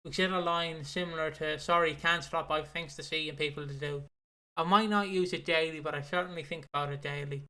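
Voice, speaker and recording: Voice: medium pitch, fairly even intonation, a little fast, sharp tone, low-quality recording. A podcast co-host, reading listener comments aloud in a chatty way, with laughing and swearing. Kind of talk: casual podcast chat.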